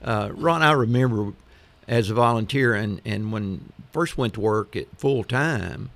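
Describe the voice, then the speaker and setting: An older man, a former fire chief, reminiscing in casual radio chat, unhurried and quick to agree with the others. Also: fairly low pitch, animated, vocal fry, a bit bright, dry recording.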